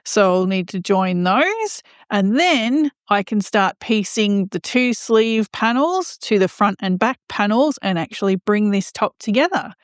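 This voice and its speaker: A woman's voice: medium pitch, animated, a little slow, few pauses, dry recording, studio quality. A woman crochet vlogger chatting casually as she explains each step of her project. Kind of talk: casual how-to narration.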